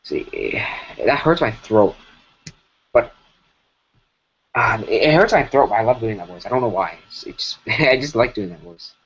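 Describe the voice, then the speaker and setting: Man, livestream chatter, mid pitch, rambling, self-correcting, muffled lo-fi mic. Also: normal speed, pauses often, a bit bright, breathy edge. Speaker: streamer animating. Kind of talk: casual livestream commentary. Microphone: broken computer mic. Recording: dull lo-fi mic.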